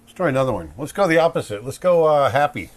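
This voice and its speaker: A middle-aged man leads a drawing tutorial while he sketches, talking in a relaxed, conversational way at a mid pitch. He breaks into short acted-out exclamations to show the emotions he is drawing. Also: fast talker. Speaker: drawing instructor.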